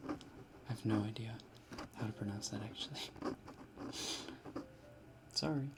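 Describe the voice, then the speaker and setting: A man in his twenties hosting an ASMR live stream, answering chat softly and slipping into whispers. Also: fairly low pitch, a little slow, heavy background noise. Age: 20s. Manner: soft-spoken, drifting into whispers.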